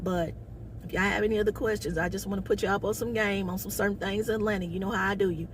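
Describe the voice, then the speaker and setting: A woman comedian telling a story to her viewers in a sassy, loud, casual way. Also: mid-range voice, fairly even intonation, fast talker, a little hiss or hum. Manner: sassy, loud, calls viewers baby and honey.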